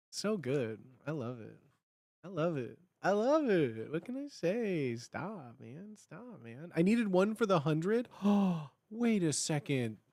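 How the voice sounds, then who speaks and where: A streamer in their thirties from the Chicago area, chatting casually at home in a rambling way with sudden excited bursts. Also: takes it slowly, dry recording. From Chicago area, United States. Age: 30s. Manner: animated, with sudden high bursts when acting out cheering; rambling, many fillers and restarts. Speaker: livestream host. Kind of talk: casual livestream chat.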